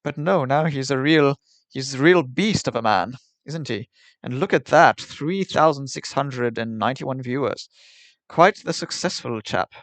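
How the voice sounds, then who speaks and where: A man's voice: mid-range voice, a bit bright, no room sound. A young man chatting casually on a livestream in a rambling, wry way, with mock-formal phrasing.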